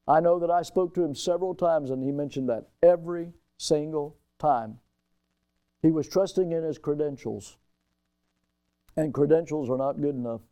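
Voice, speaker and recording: High-voiced, mellow-toned preaching man. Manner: emphatic preaching, slows and rises on quoted scripture. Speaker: pastor. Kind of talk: sermon. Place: church sanctuary.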